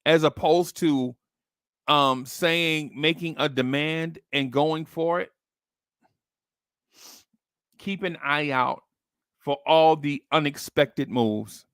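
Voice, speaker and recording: Speaking slowly with long pauses, a male podcast host riffs on basketball trades and plays out pretend phone calls in a streetwise voice. His pitch is fairly high, a bit bright and smooth, and the studio-quality audio carries no room sound.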